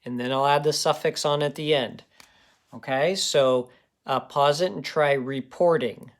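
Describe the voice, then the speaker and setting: Slow, patient male phonics teacher. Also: on the high side, steady tone. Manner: patient, encouraging, sounds out word parts. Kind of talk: recorded phonics lesson for young students.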